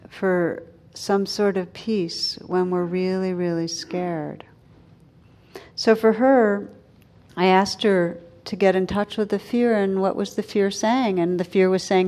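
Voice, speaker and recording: A woman giving a dharma talk as a meditation teacher, speaking gently and reflectively with soft, slow pauses. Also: mid-range voice.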